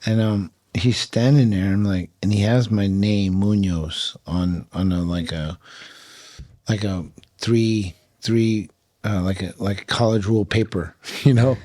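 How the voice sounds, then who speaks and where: A man's voice: on the low side, steady tone, measured pace, mellow, no echo, clean studio sound. A middle-aged man from California, telling stories as a podcast guest in a chatty way, with lots of fillers and laughs. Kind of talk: casual storytelling.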